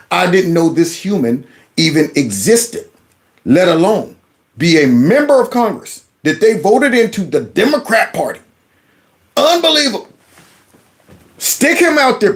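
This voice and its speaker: Host, male, fairly high voice, sarcastic reaction commentary, animated swings from loud jabs to low mutters. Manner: sarcastic, mocking, echoes the clip's words back. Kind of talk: reaction commentary on a video clip.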